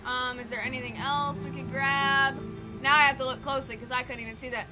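A woman giving casual, excitable gameplay commentary, easily spooked and talking back to the game. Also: sits high, brisk. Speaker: let's play gamer. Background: game music.

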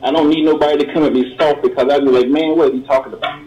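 A middle-aged man calls in over the phone and tells his story earnestly. He starts over and repeats words often, and his voice sits a little high. The call sounds roomy and echoey. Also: steady tone, racing, a little mellow, lo-fi sound. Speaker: caller. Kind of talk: call-in testimony.

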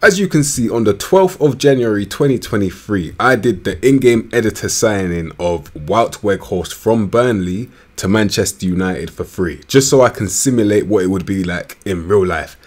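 A young man doing casual game commentary, slangy and rambling, with bursts of excitement. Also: fairly low pitch, normal speed, few pauses. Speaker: gaming YouTuber. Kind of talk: casual commentary over a football management game.

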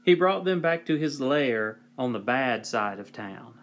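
A man reading a picture book aloud for children in a gentle, playful way. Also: mid-range voice, expressive, a little slow. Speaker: storybook reader.

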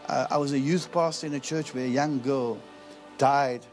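A middle-aged man preaching a sermon, telling a story with lively acted-out dialogue. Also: medium pitch, normal speed, faint music behind. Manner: animated storytelling, acts out quoted dialogue. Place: large auditorium.

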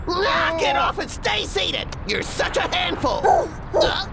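A woman voicing a bumbling, jittery male lumberjack in an animated film, whiny and jumpy, full of grunts and gasps. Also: extremely high pitch, takes it slowly, gravelly, shouting, over loud music, full character voice. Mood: frantic.

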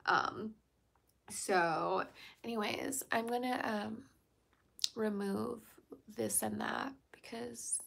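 A woman's voice: medium pitch, takes it slowly, vocal fry, long pauses, a bit bright. A young woman from Virginia, chatting casually on a livestream, laughing often and answering viewer comments. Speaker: livestream host.

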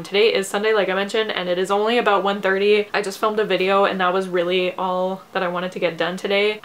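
A young woman, chatting casually about her reading in a rambling way with many fillers and frequent laughs, sounding tired and low on energy. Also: fairly bright tone. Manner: laughs often. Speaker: book vlogger. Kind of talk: casual chat.

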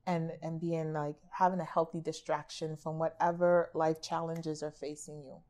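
A woman's voice: deep voice, little pitch movement, normal speed, a little mellow. A middle-aged woman, an art therapist, talking casually in a podcast interview and acting out quoted remarks. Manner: chatty, acts out quoted remarks.

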